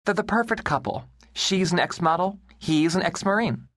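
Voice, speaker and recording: A woman's voice: fairly low pitch, expressive, moderate pace, dry recording, clean studio sound, voice pushed up. A woman reading as a fond, chatty bar friend.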